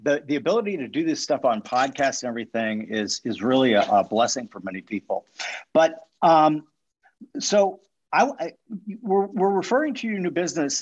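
Bit high-pitched guy from minnesota, hosting, rambles, dull lo-fi sound. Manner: warm, rambling, lots of restarts and fillers. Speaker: podcast host. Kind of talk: casual interview chat.

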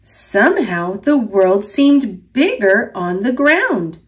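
A woman reading a children's picture book aloud in a gentle, expressive narrating voice. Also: medium pitch, slow. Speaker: storybook reader.

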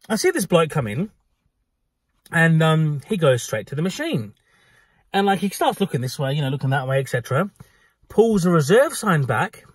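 Recorded dry with no room sound, his fairly high voice carries a breathy edge. The venue worker is storytelling casually, acting out a clash at work with animation and frequent cursing.

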